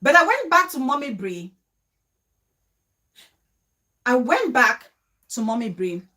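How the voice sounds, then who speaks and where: Speaking to camera in a relaxed way, this woman vlogger relates a story with emotion and pleading, firing off rapid bursts and asking the same questions again and again. Her pitch is high, her delivery very animated, and her tone sharp.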